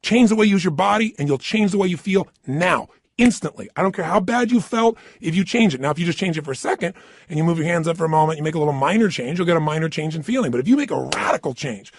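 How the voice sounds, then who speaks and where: A man's voice: on the high side, dry recording, studio quality. A middle-aged man giving an emphatic motivational talk, standing at a microphone and firing rhetorical questions at the listener. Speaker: motivational speaker. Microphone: standing and speaking into a microphone.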